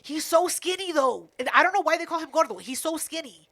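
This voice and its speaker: A woman's voice: high-pitched, lively intonation, a little fast, fairly bright tone. A woman co-hosting a podcast, telling a family story in casual, profane chat. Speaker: podcast co-host.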